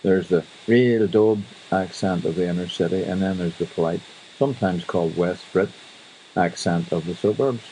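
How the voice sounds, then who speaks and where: A man's voice: low-pitched, normal speed, mellow, slight background noise, rough recording. A Northern Irish man hosting a radio show, chatting wryly in a casual monologue. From Northern Ireland. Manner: chatty, wry storytelling. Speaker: radio host.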